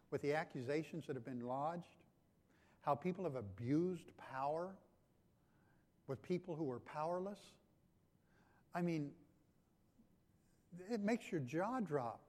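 A man's voice: fairly high pitch, a little mellow. A pastor giving a conversational sermon, asking his congregation questions. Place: church sanctuary. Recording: long hall reverb.

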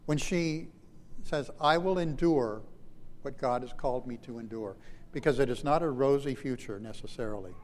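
A pastor with a mid-range, slightly mellow voice preaches a sermon in a large hall. His delivery is dramatic, with emphasis that swells and drops. He slows down to stretch out key phrases.

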